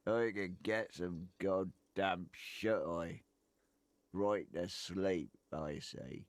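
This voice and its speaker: An actor playing a sleepy, evasive union dock worker in a video game, talking in a laconic, dismissive way. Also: male voice, low-pitched, dry recording. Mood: weary.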